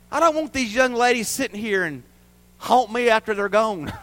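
Bright-voiced man preaching. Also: sits high, lively intonation, unhurried, pauses often. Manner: impassioned, swings between loud declarations and hushed, quiet stretches; folksy and plainspoken. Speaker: pastor. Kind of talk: sermon.

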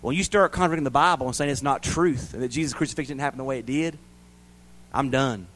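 A man preaching a sermon as a pastor to his church, rising loud and high, then dropping quiet and low. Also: quick pace, rough recording.

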